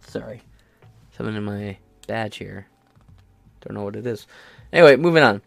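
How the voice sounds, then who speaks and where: A man's voice: lowish voice, lively intonation, normal speed, vocal fry, no echo, faint music behind. Profane ranting male podcast host. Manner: profane, sarcastic and combative.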